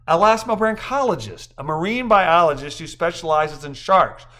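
A man voicing a petite, teasing woman on vacation in a higher voice. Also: animated, moderate pace, sharp tone.

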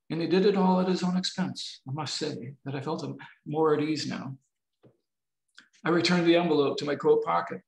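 Man, reading his novel aloud, gravelly, slightly high voice, roomy video-call audio.

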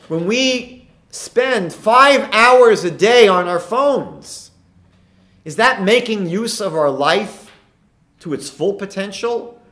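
A man's voice: high-pitched, a bit bright. A man, a rabbi giving a lecture, retelling Talmud stories and asking emphatic rhetorical questions. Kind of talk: recorded lecture.

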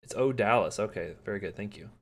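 A man giving a live pharmacology lecture in a conversational way, with frequent ums and pauses to answer student questions. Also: lowish voice.

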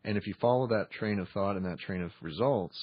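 Low husky guy explaining meditation slow and steady, lots of ums, kinda muffled recording. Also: no room sound. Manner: measured, pauses often with ums. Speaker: podcast teacher of meditation. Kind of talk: instructional podcast talk.

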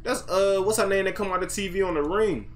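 A man's voice: high voice, quick pace. A young man giving panicky, jumpy commentary as he plays a horror game. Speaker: gamer. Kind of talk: horror let's-play commentary.

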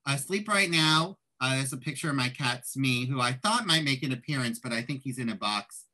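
A man's voice: mid-range voice, animated, fairly quick, bright, forceful tone, low-quality recording. A man in his thirties, a composer and writer, chatting in a casual interview over a video call from home, joking and self-deprecating.

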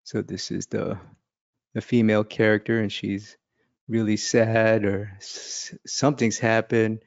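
Male art instructor, chatty and laughing as he sketches, gravelly, close and dry. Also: lowish voice, flat delivery, a little slow, dry recording, highs cut off. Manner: chatty, laughing, thinking aloud while sketching. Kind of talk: casual drawing lesson.

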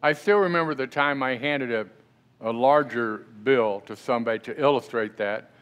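A man's voice: mid-range voice, normal speed, fairly bright tone, smooth. A middle-aged male pastor preaching a sermon in a church, talking conversationally and often asking the congregation questions. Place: church sanctuary.

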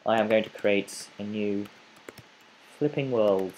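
A young man giving let's play commentary, frustrated, swinging between muttering and yelling at the game. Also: fairly low pitch, slow pace, background noise. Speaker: gamer.

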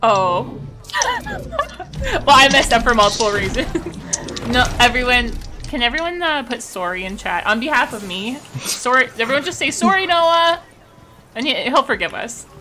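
A Canadian woman streamer, bubbly and giggly, apologizing through her laughs as she plays. Her voice sits high and swings widely in pitch. Game music plays clearly beneath her. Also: sing-song, normal speed. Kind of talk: casual gameplay chat.

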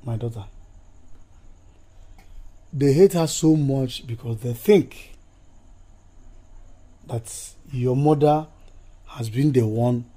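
A Nigerian man acting as a middle-aged father who tells his family's history in a slow, solemn way, in a film. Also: mid-range voice, dark tone. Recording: film audio with faint music.

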